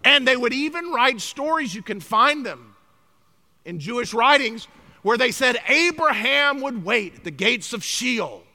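A middle-aged male pastor preaching a sermon, emphatic and swinging from loud exclamations to hushed, grave lines. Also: very high-pitched, lively intonation, measured pace.

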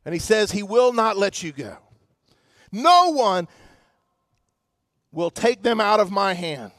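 High-voiced emphatic preacher man. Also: big pitch swings, a bit bright, no echo, clean studio sound. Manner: emphatic, slows to stress scripture and asks the congregation questions. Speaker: pastor. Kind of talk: sermon.

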